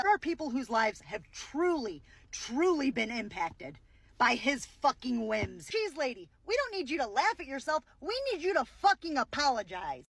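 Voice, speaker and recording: A high-voiced woman delivers a heated reaction rant. She swears freely and drips sarcasm, now and then mimicking the people she is mocking. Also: sing-song, normal speed, husky, no echo, poor audio. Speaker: commentator.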